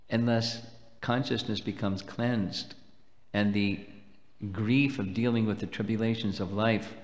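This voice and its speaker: A man giving a devotional lecture at a festival, explaining slowly and deliberately and taking questions. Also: on the low side. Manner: measured, explanatory, slow and deliberate. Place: temple hall. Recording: long hall reverb.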